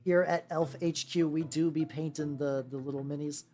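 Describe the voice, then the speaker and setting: A woman with a low-pitched, steady, mellow voice talks at normal speed while streaming herself painting miniatures. She rambles casually, swears freely, and greets her chat by name, with faint music in the background.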